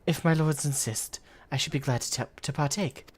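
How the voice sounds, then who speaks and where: A man voicing a graceful young woman entertainer in a game, speaking softly and formally. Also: on the high side, moderate pace, husky. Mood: demure. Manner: soft, polite and formal.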